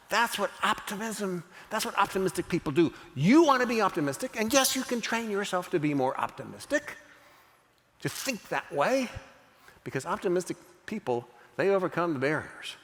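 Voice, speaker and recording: Lively high-voiced man giving a motivational talk. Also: a little fast. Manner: animated, acts out dialogue in character. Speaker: keynote speaker. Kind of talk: motivational storytelling speech. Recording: long reverb of a large hall.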